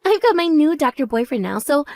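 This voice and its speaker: A woman voicing a spoiled, vain young woman who talks in a mocking, shrill and demanding way. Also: big pitch swings, brisk, a little mellow, dry recording, studio quality. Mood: boastful.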